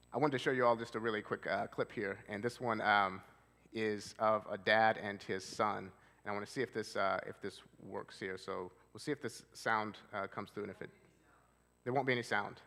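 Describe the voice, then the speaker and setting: A man's voice: on the low side, steady tone, normal speed, fairly bright tone. A male therapist giving a casual church seminar, talking conversationally and asking the audience questions. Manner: conversational, asks the audience questions, loose with fillers. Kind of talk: casual live presentation to an audience. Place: church hall with long reverb. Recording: reverberant church hall.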